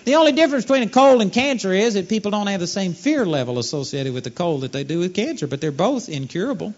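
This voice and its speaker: Animated high-voiced male preacher. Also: fast. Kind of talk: sermon. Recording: dull lo-fi sermon recording.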